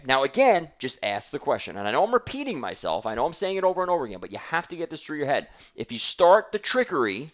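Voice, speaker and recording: A man's voice: mid-range voice, fairly bright tone, dull audio. A man giving a blunt sales training talk, acting out calls and mocking timid salespeople.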